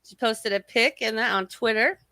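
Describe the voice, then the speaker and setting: A bright, sharp-toned woman runs a casual livestream, heaping profanity and mockery on the people she rambles about. Her voice sits a touch high for a woman, and her throat sounds a little scratchy. The recording is close and dry, with no room sound. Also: moderate pace, no echo. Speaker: livestream host. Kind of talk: casual livestream chat reading comments.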